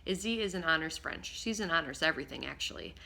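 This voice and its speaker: A woman narrating a first-person audiobook in a lively, expressive way, now and then slipping and rereading a line. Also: sits low, fast talker, gravelly. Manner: lively, expressive reading with occasional slips and rereads.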